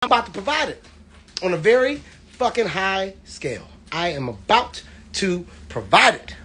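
A man, a comedian, streaming live from his home on his phone, loud and playful, swearing constantly and laughing between his lines. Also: on the high side, very animated, moderate pace, slight background noise. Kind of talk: hyped, profane live-stream rant.

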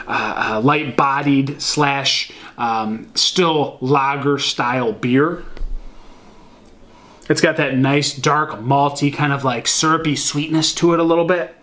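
A man's voice: mid-range voice, fairly bright tone. A man casually reviewing a beer at home, talking to viewers with lots of fillers and a rambling manner. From Michigan. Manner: rambling, many fillers, addresses viewers as guys.

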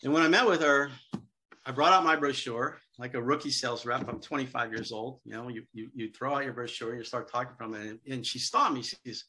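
A middle-aged man speaking as a seminar guest, telling lively anecdotes about selling to hospitals and acting out the dialogue. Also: medium pitch, fairly quick, slightly rough. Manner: lively storyteller, acts out quoted dialogue.

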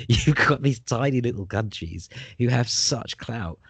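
A man's voice: medium pitch, normal speed, few pauses, slightly rough, no echo. A man in casual conversation, talking in a rambling, discursive way with the odd swear word.

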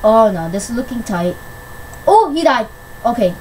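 Woman, gameplay commentary, excitable, shrieky, higher voice, light background noise. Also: moderate pace, poor audio. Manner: excitable, shrieks when winning. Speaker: gamer. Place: at home on a PC.

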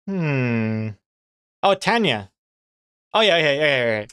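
A man's voice: mid-range voice, big pitch swings, slow pace, fairly bright tone, clear, resonant tone. A man streaming as a comic artist, chatting casually while drawing, musing aloud and answering chat with easy chuckles. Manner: chuckles easily, playful pronunciation teasing.

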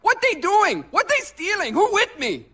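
An actor playing a loud stand-up comic man who heckles his crowd. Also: extremely high pitch, huge pitch swings, moderate pace, noisy background, exaggerated voice. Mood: brash. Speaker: stand-up comedian.

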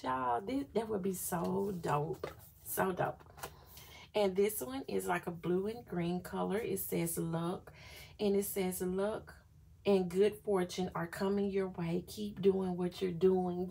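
A woman's voice: medium pitch, fairly even intonation, slow pace, vocal fry, dark tone, slight background noise. A woman vlogger chatting casually through a planner flip-through, gushing and often saying y'all.

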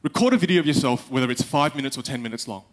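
A young man giving a live talk on stage, animated, acting out little quotes and speaking straight to the audience. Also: mid-range voice, very fast. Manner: animated, acts out quotes, addresses the audience directly.

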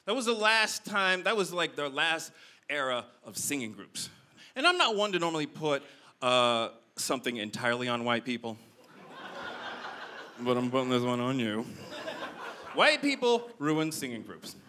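A man doing a stand-up comedy set on a club stage, animated, swinging from loud punchlines to low asides. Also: moderate pace, pauses often, a little hiss or hum.

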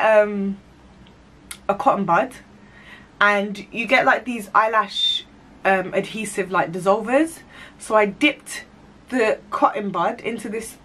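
Young woman in her twenties, storytime vlog at home, animated and slangy, laughs at herself, mid-pitched voice, camera mic. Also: slight background noise. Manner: animated, slangy, self-mocking. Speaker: vlogger. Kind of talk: storytime monologue.

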